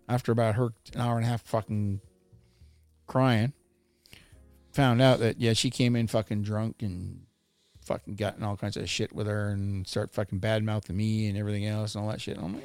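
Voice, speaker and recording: A man's voice: lowish voice, steady tone, a little fast, darkish tone, no echo, soft background music. A man hosting a podcast, telling a profane, rambling story in casual chat. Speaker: podcast host. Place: studio.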